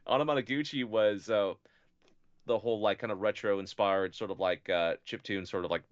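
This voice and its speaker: A man's voice: on the low side, unhurried, long pauses, smooth. A man co-hosting a podcast in casual chat, rambling and hedging with lots of "like" and "sort of". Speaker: podcast co-host. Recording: dull, lo-fi sound.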